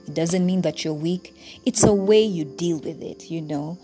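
Earnest woman podcaster with a lowish voice. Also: normal speed, hardly any pauses, warm tone, faint music behind. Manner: earnest and heartfelt, speaking directly to listeners. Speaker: podcast host. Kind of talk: personal reflective monologue.

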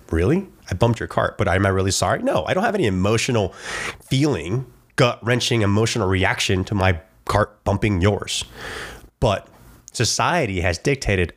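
A middle-aged man hosting his own podcast, his voice sitting fairly low. He talks in a reflective, casual way, often stopping to ask "right?" or toss in a "like.". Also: animated, normal speed. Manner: reflective, conversational, many "like" and "right?" asides. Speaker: podcast host. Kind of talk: casual solo podcast talk.

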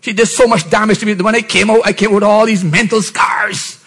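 A middle-aged man, a pastor, preaching a sermon and often rising to shouted emphasis with mocking put-on voices. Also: high voice, steady tone, brisk, slightly rough, low-quality recording.

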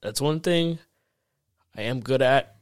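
A man's voice: mid-range voice, takes it slowly, no echo, clean studio sound. A man co-hosting a podcast in casual chat, laid-back and wry, mostly giving short replies. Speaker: podcast co-host.

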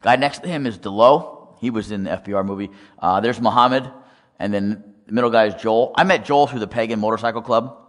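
A man with a very low voice tells a story to a congregation, slipping into the voices of the people he quotes. He asks the crowd questions now and then, and his voice rings with the long reverb of a large hall. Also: a little fast. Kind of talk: testimony talk to a congregation.

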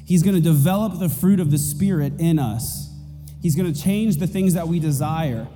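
A man's voice: a little high, normal speed. A man preaching a sermon in a church, emphatic and repeating his key points, in a reverberant hall with faint music. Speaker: pastor.

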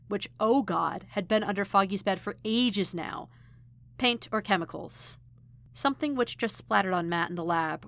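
A woman narrating a fan fiction story in an expressive, lively reading. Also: medium pitch. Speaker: podfic reader.

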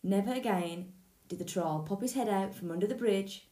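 A woman teacher reading a children's story aloud, clear and lively. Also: mid-range voice, normal speed, reverberant.

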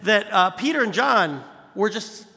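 A man's voice: high voice, animated, unhurried, vocal fry, bright, forceful tone, long reverb tail. A man preaching a sermon in a conversational tone, calling listeners "you guys" and building emphasis through repeated phrases. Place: large hall, evening service.

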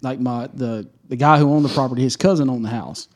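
A man, co-hosting a casual podcast and telling an animated hunting story, swearing and laughing as he goes. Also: mid-range voice, fast talker. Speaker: podcast co-host.

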